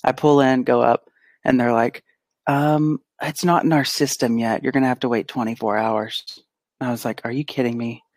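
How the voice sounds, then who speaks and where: A man co-hosting a podcast, telling an animated, casual story and acting out the quotes. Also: mid-range voice, moderate pace, no room sound. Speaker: podcast co-host; pediatric physical therapist. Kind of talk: casual chat.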